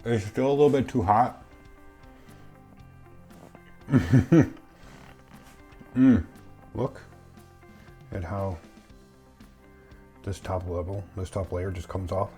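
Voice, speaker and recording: Slow and warm, with a husky, low voice, fairly even intonation, and long pauses, a man hosts a relaxed home cooking vlog over soft music. He playfully jokes and talks to himself while baking, eating and chewing as he goes.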